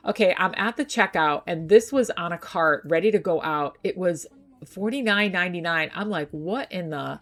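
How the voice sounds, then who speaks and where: A thrift vlogger with a fairly low voice chats casually and eagerly at a moderate pace, thinking aloud about her finds. She's out of breath from loading the car, and she's indoors at home on a couch.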